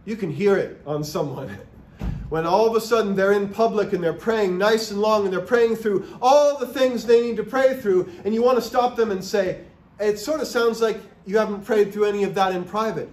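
High-voiced pastor preaching in a roomy church. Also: male voice, moderate pace, a little mellow. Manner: earnest, emphatic preaching with rhetorical questions. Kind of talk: sermon. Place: church sanctuary.

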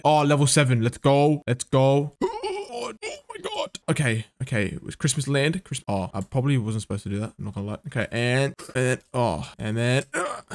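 Guy yelling and muttering through a parkour map, gasps a lot, swears when it goes wrong. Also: mid-range voice, no echo. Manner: excitable, frequent gasps and outbursts. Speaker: gaming video creator. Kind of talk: live gameplay commentary.

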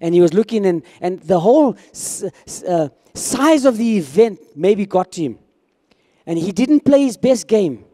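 A man's voice: sits high, very animated, moderate pace, mellow, big-room sound. A man preaching a sermon as pastor, talking conversationally and acting out quoted dialogue.

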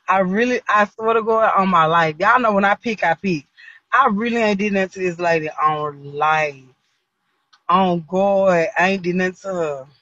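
A man with a high, husky voice hosts a casual livestream, complaining again and again in an exasperated way. The sound is dry and close, and slightly muffled like lo-fi stream audio. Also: pushed and bright, no room sound. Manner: exasperated, repetitive complaining with frequent laughs. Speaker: livestream host.

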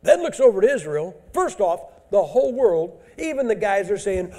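A man's voice: high-pitched, big pitch swings, normal speed, few pauses, warm tone. A man preaching a sermon in a church, blunt, emphatic and folksy.

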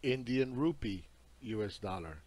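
A man's voice: mid-range voice, animated, measured pace, darkish tone. A man lecturing on market charts in an emphatic, insistent and scornful way. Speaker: market commentary host.

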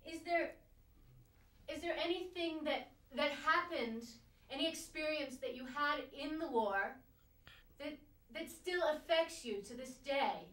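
A woman's voice: high voice, unhurried, fairly bright tone, recorded from a distance. A woman asking interview questions in a careful, apologetic way. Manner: careful, apologetic, repeats words. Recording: echoey room, away from the mic.

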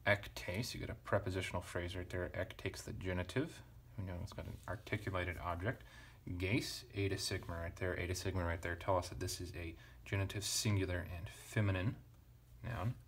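A man teaching ancient Greek grammar at a relaxed pace, thinking aloud and correcting himself with casual asides. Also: low-pitched, a little fast, slightly rough. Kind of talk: relaxed verse-by-verse parsing lesson.

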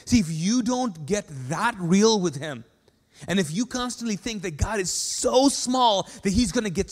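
A male pastor preaching a sermon in a church sanctuary, conversational and joking, with acted-out quotes. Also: high-pitched. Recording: long reverb of a large hall.

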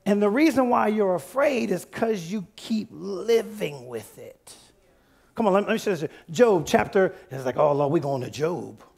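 High, gravelly-voiced preaching man. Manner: call-and-response preaching, rising to shouts. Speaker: pastor. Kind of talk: sermon. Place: church sanctuary.

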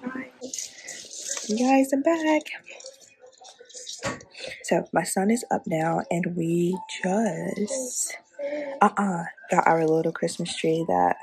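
A woman's voice: lowish voice, darkish tone, slightly rough, low-quality recording. A young woman vlogging at home, telling an emotional, faith-filled story in casual chat.

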